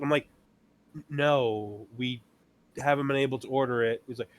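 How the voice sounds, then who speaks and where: A man's voice: medium pitch, quick pace, no room sound. Man telling work stories in chat. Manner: storytelling, acting out customers and himself. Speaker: podcast co-host. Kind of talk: casual chat.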